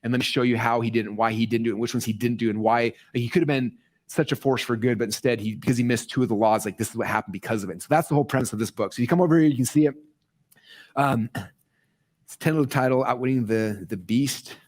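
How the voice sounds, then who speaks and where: A man speaking excitedly to a live audience, rambling with many fillers and restarts, voicing quoted people in a raised voice. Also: medium pitch, fast. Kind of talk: excited casual presentation. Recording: played clip inside a commentary video.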